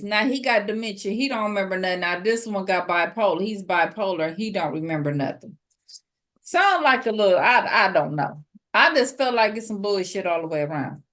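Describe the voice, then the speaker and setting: A woman co-hosting a casual chat podcast, recapping a reality show in a slangy, animated way with voiced quotes. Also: mid-range voice, normal speed. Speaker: podcast co-host.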